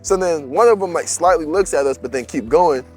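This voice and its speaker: A man's voice: fairly high pitch, fairly quick, soft background music. A young man telling a story in casual, slangy chat and laughing as he goes.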